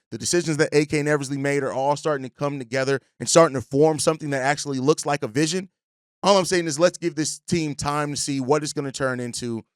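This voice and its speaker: A man's voice: fairly high pitch, no echo, studio quality. A man hosting a sports podcast, talking earnestly in long run-on sentences and asking "right?" often. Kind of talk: casual sports talk.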